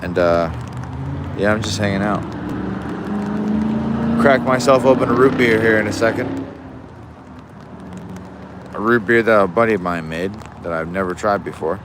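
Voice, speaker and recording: Low-voiced man chatting on an outdoor livestream. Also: moderate pace, long pauses, heavy background noise. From Alaska. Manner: rambling, easygoing, many restarts. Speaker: fishing livestreamer. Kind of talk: casual livestream chat. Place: outdoors in the rain. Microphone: phone.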